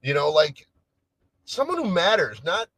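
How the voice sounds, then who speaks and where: A man hosting a laid-back solo stream, rambling and restarting his sentences. His voice leaps around in pitch as he reacts. The sound is dry and close to the mic. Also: unhurried, breathy edge, dry recording, low-quality recording. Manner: rambling, animated, trails off and restarts. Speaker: livestream host. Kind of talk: casual solo stream chat.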